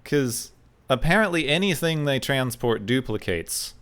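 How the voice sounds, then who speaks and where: A man hosting a podcast in casual chat, recapping an episode in a wry, steady way. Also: mid-range voice, a little slow, clear, resonant tone. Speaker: podcast host.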